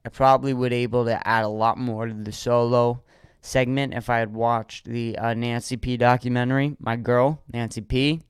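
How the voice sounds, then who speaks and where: Brief: male comedian, solo podcast host, smooth voice, dry close sound, rambling and animated. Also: mid-range voice, moderate pace, no room sound. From Erie, Pennsylvania. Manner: rambling, animated, swears freely, acts out quotes.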